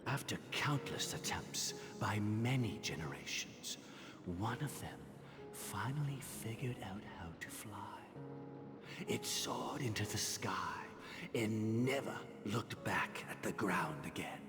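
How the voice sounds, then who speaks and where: A creepy, manipulative old man spins a slow, patronizing tale in a whispery hush. His pitch swoops up and down with theatrical lilt. The game audio rings with a long reverb over loud background music. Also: expressive. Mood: sinister. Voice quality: whispery, sinister.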